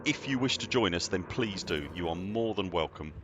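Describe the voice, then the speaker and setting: Deep-voiced man streaming a game. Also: lively intonation, normal speed, dull audio, background noise. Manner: chatty, self-deprecating, greets viewers by name. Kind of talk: casual live-stream chat.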